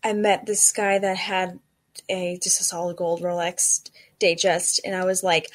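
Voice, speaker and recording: A young woman chatting casually in a group, telling animated stories and acting out what people said. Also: fairly quick. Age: young adult. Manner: animated storyteller, acts out quotes with rising pitch. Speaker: watch enthusiast guest.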